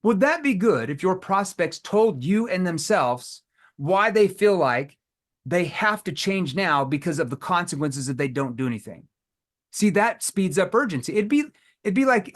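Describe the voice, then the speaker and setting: A middle-aged man leading a live sales training, acting out sales calls with lively energy. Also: fairly high pitch, normal speed. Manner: energetic, role-plays scripted sales calls.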